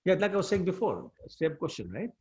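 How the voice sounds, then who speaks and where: A man teaching a scripture class, retelling stories in an animated way and taking questions. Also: high voice, brisk, husky, dull audio. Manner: animated storytelling, mixing in Hindi words. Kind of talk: storytelling scripture lesson.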